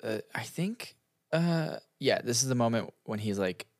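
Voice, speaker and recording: A man casually recapping a TV episode with friends, acting out characters' lines in quick asides. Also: mid-range voice, expressive, no echo, studio quality. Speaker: podcast co-host recapping an episode. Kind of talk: casual chat.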